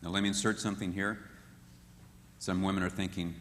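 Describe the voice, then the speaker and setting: A man teaching a marriage seminar in an animated way, often acting out what spouses say. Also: sits low, fast talker, pauses often, slight background noise. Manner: animated, acts out quoted voices. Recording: echoey hall with long reverb.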